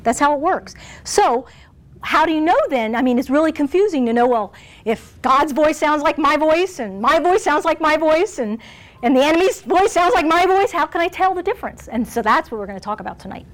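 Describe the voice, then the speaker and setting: A woman's voice: high voice, animated, brisk. A woman preaching a sermon in a conversational way, laughing often and acting out quoted lines.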